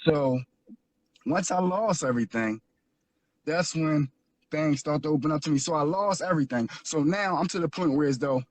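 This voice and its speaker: A man's voice: fairly high pitch, moderate pace. A man from Philadelphia telling his life story as an interview guest, earnest and repetitive, building into preaching. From Philadelphia, USA. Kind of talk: emotional personal testimony.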